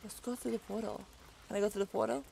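A young woman commentating on a video game as she plays, chatty and excitable, talking into a desk mic. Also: medium pitch, fast, gravelly, slight background noise. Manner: excitable, chatty, reads game dialogue aloud. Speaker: let's play host. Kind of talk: casual gameplay commentary.

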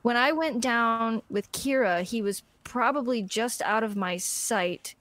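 Animated woman telling a story. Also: a little high, unhurried, dry recording. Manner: animated storyteller, laughs often, acts out quoted lines. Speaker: podcast co-host. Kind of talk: casual storytelling chat.

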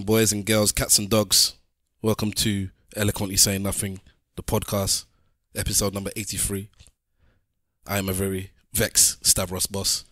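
A man's voice: lowish voice, a bit bright, dry recording, studio quality. A man hosting a casual podcast chat, opening the show with playful, showman-like intros. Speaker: podcast host.

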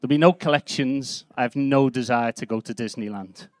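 A man's voice: mid-range voice, brisk, very noisy. A man in his fifties from Liverpool with a Scouse accent, doing a live stand-up set in a comedy club with a brash, sweary, punchy delivery. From Liverpool, England. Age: 50s.

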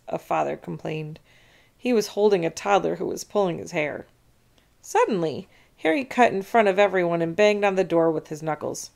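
A woman reading a children's chapter book aloud in an expressive, animated way. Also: lowish voice, moderate pace, vocal fry. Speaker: storybook reader. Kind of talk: children's read-aloud narration.

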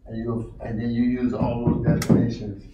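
A man, a pastor, teaching his congregation how to study scripture, animated and encouraging as he calls on people. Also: medium pitch, normal speed, muffled recording. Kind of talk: interactive Bible teaching. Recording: roomy church room, mic at a distance, faint noise.

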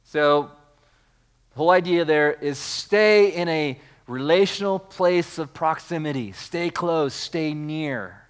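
A man's voice: fairly high pitch, slow pace, clear, resonant tone. A man preaching a sermon, reading scripture aloud and then explaining it with repeated words, restarts and rising emphasis, calling on the congregation to join in. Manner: restarts phrases, calls on the congregation. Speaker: pastor.

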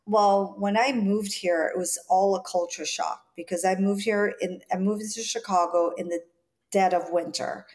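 A woman's voice: medium pitch, moderate pace. A woman in her forties from Jamaica with a light Jamaican accent, a stylist telling childhood stories in an interview, acting out the voices of people she quotes. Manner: lively storyteller, acts out quoted voices. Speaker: stylist guest. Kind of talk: interview storytelling.

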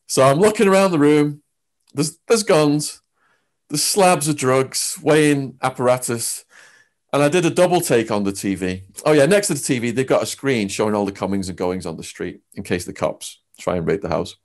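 Speaking at a normal speed, a guest from England with an English accent recounts his story in a sit-down interview. He's animated, with big shifts in both pitch and volume.

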